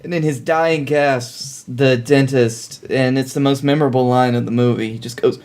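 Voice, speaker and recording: Co-hosting a podcast, this man chats casually and recaps plots at length. His voice is medium-pitched and a little mellow, with fairly even intonation and a moderate pace.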